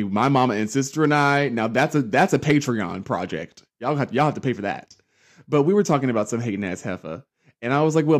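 A young man hosting a casual solo pop culture podcast, sassy and campy, dramatic, often jumping up into high mocking voices. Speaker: podcast host.

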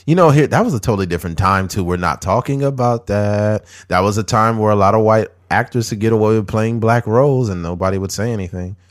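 A man's voice: lowish voice, fast, hardly any pauses. A man hosting a podcast in casual chat, laid-back and joking, swearing freely. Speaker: podcast host.

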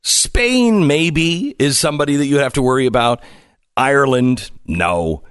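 A man's voice: measured pace, clear, resonant tone, no echo, clean studio sound. A man hosting a talk radio show, joking around with his guests and reading ads live. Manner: animated, jokey, swings his pitch widely. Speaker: radio host.

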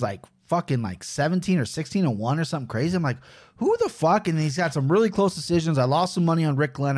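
Profane, joking man hosting a podcast. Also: a little high. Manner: loud, profane, joking banter. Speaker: podcast host. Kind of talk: casual betting podcast chat.

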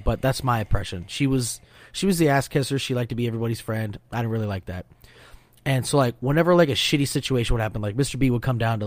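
A man co-hosting a podcast, a former enlisted sailor talking in a casual, rambling, profane and joking way. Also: medium pitch. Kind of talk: casual chat.

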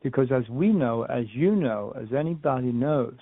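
A man's voice: mid-range voice, animated, moderate pace. A man, a medium, talking as a guest in a casual interview, rambling through stories and acting out what people said. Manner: rambling storyteller, repeats and restarts, acts out quotes. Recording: phone-like remote call audio.

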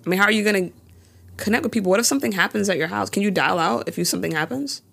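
A woman's voice: medium pitch, very fast, gravelly. A woman co-hosting a podcast, casually recapping a TV episode and acting out the characters' lines. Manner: animated storytelling, acts out lines in quotes. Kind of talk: casual chat.

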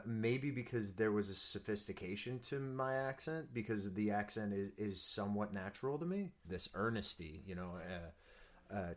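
A young man, a stage actor, chatting as a guest in an eager, earnest way, with lots of fillers and restarts. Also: fairly low pitch. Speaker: musical theater actor, guest. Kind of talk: casual interview chat.

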